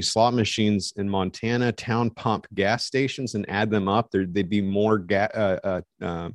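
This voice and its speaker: A man's voice: lowish voice, dry recording, clean studio sound. A man telling a long story as an interview guest, rambling with many fillers and restarts. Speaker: interview guest, street evangelist. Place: Montana resident.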